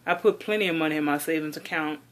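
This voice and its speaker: A woman's voice: sits low, fast talker. A woman venting in a casual vlog monologue, chatty and exasperated, saying "like" a lot. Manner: chatty and exasperated, heavy use of "like". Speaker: doll collector vlogger.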